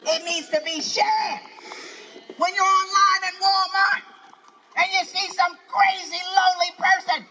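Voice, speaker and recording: A woman's voice: very high voice, steady tone, a little slow, bright, forceful tone, rough recording. An older woman with a New York accent doing a live stand-up set, ranting in a brash, profane, preachy way. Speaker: stand-up comedian. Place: outdoor festival stage.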